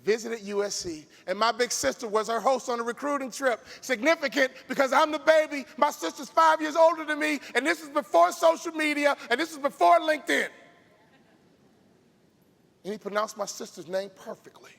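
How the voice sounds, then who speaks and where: A man's voice: very high voice, normal speed, vocal fry, a bit bright. A middle-aged man from Chicago giving a motivational keynote with an emphatic, preacher-like cadence. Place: large event arena stage. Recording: long hall reverb from live arena.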